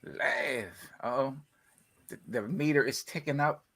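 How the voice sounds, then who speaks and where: A man's voice: medium pitch, a little slow, fairly bright tone. A man co-hosting a casual livestream, laid-back and joking, talking directly to viewers. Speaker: livestream co-host.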